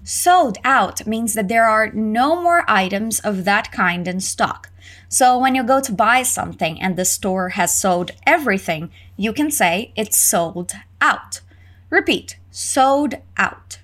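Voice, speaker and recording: A woman with a mid-range voice teaches English phrases slowly and clearly through repetition drills. She sounds lively, exaggerating her intonation so learners can repeat after her.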